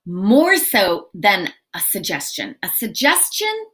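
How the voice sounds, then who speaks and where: A middle-aged woman, an English as a second language instructor, explaining grammar slowly and clearly in a live online lesson, acting out example phrases. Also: medium pitch, huge pitch swings, fairly bright tone. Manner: slow, clear teaching with acted example phrases. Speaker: ESL instructor.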